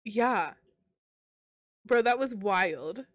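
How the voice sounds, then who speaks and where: Animated, laughing woman podcaster. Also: mid-range voice, extremely slow, no echo, clean studio sound. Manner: laughs often, reads chat comments aloud, agreeable. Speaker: podcast co-host. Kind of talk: casual book-club chat on a livestream.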